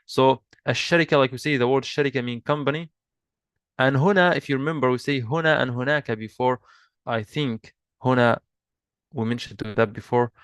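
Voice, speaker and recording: Guy teaching an online class, mid pitch, dry close sound, keeps repeating himself patiently. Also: fast talker, fairly bright tone, clear, resonant tone, dry recording. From Egypt. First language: Arabic. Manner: patient, repeats and restarts, switches between English and Arabic. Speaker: Arabic teacher. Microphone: video call mic.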